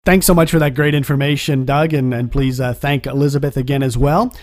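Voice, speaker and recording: A man's voice: mid-range voice, fairly even intonation, fairly quick, a little mellow. A man hosting an interview, chatty and affable, thanking his guest and signing off. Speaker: podcast host.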